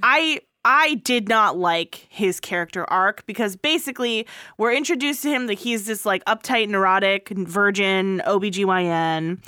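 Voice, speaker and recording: A woman's voice: medium pitch, moderate pace, hardly any pauses, bright, forceful tone, clean tone, no room sound, clean studio sound. A woman co-hosting a casual movie-review chat, playful and self-deprecating as she talks. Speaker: podcast co-host.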